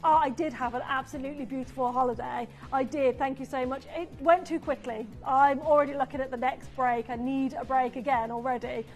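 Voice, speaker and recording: Woman, shopping channel host, high bright voice, upbeat persuasive pitch, faint music underneath. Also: fairly even intonation, a little fast, few pauses. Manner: enthusiastic, persuasive, reads out viewer messages. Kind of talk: live TV sales pitch.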